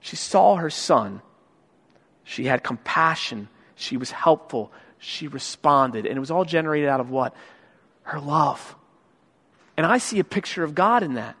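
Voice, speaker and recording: A male pastor giving a sermon, telling a story in a conversational way that builds into loud, emphatic stretches. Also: fairly high pitch, expressive, unhurried, creaky, slightly rough. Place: large church sanctuary. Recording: long church-hall reverb.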